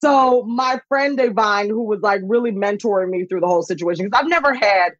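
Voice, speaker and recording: An excitable woman in her thirties, telling a lively anecdote with lots of laughter and high-pitched quoted voices. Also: a little fast, dry recording, muffled recording. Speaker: guest. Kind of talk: animated storytelling anecdote.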